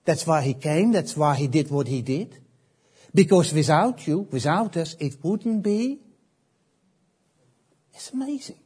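Slow, husky-voiced male preacher. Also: a little high, lively intonation, darkish tone. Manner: slow, emphatic, with frequent repeats and pauses. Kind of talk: sermon.

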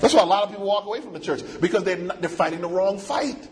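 A man's voice: high voice, fast. A man preaching a sermon, emphatic and repetitive, drawing call-and-response from the congregation.

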